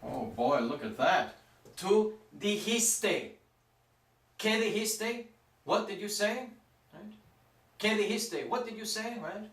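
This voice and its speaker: A man teaching a Spanish grammar lesson, repeating each form and stressing it slowly. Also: high voice, lively intonation, a bit bright. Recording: echoey room, mic at a distance.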